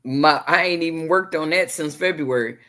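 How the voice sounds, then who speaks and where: A woman's voice: sits low, normal speed, fairly bright tone. A woman with a Southern US accent, hosting a crochet livestream and chatting playfully with her viewers. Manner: chatty and playful, reads live chat aloud. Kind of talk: casual chat.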